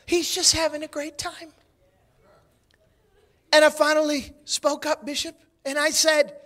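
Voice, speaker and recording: A man preaching a sermon, telling a story and acting out dialogue in an animated way. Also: very high voice, moderate pace.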